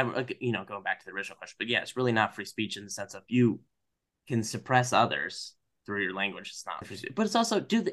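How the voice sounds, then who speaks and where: A man's voice: medium pitch, a bit bright. A man co-hosting a casual podcast chat, musing in a wry, dryly humorous way.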